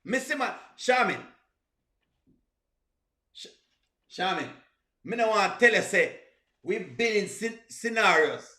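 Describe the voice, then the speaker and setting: A man comments on clips with a high, bright voice. He preaches and teases in short, punchy bursts, and the room around him sounds echoey. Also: lively intonation, takes it slowly, long pauses. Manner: preachy, teasing, punchy exclamations. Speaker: reaction video host. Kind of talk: comedic reaction commentary.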